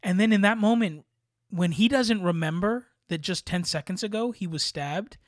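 A man co-hosting a podcast chats casually about a film, earnestly and passionately praising its acting. His voice is high and his pace moderate, recorded in clean studio sound with no echo.

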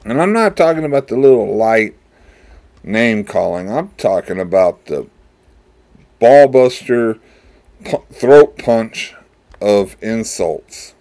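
A man's voice: on the low side, big pitch swings, takes it slowly, pauses often, warm tone. A middle-aged man hosting his own show, talking in a rambling, digressive monologue with wry complaints as a father. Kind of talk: casual monologue.

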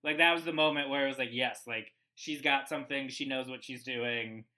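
Bright, enthusiastic man as a guest. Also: medium pitch, steady tone, a little fast. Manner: enthusiastic, rambling, many fillers. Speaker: podcast guest. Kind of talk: casual chat.

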